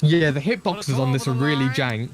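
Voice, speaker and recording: A man's voice: medium pitch, normal speed, crowd noise. A man giving chatty, joking live commentary on a speedrun, explaining game tricks.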